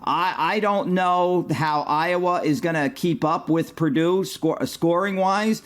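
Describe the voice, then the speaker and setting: A middle-aged man co-hosts a betting show, speaking in a loose, agreeable, conversational way. His voice sits a little high for a man. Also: slow, a bit bright. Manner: conversational, agreeable, many fillers and restarts. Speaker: sports betting analyst. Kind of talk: sports betting podcast chat.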